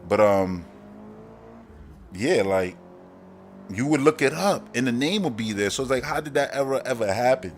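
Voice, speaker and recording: A man with a mid-range, expressive voice speaks at a moderate pace with long pauses over soft background music. He's a podcast host from Brooklyn, New York, whose Brooklyn accent colors a slangy, rambling live-stream chat punctuated by frequent laughs.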